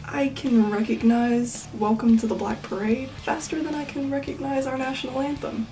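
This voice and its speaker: Deadpan eighteen-year-old woman, off-mic. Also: high voice, moderate pace, distant mic, rough recording. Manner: deadpan, self-mocking jokes, drops to whispers. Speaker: vlogger. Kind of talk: casual Q&A vlog. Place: home bedroom at night.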